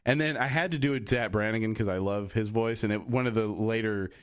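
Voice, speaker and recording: In clean studio sound with no room tone, a young male podcast co-host rambles through casual chat full of fillers and false starts. His lowish voice moves briskly and smoothly.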